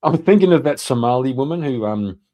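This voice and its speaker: A man's voice: medium pitch, expressive, brisk, a crowd in the background. A man on a livestream panel, telling a story and laughing as he goes. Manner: laughs while telling stories. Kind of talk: casual panel chat.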